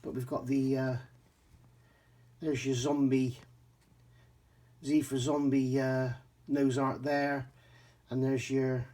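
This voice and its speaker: A man's voice: medium pitch, fairly even intonation, unhurried, darkish tone, slight background noise. A man from England casually reviewing a scale model kit, chatty with frequent ums and self-corrections.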